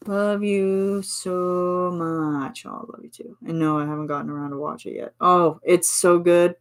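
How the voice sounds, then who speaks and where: A woman's voice: fairly low pitch, fairly even intonation, normal speed. A woman from Canada chatting casually with her viewers on a stream, giggling and answering chat. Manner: chatty and giggly, reads chat replies aloud.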